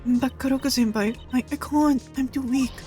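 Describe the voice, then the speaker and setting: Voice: fairly even intonation, moderate pace, darkish tone, faint music behind, natural voice. Player voicing a meek, tearful young defendant. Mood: pleading. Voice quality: high, small and apologetic. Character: timid, self-blaming young woman defendant. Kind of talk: reading a fan visual novel aloud.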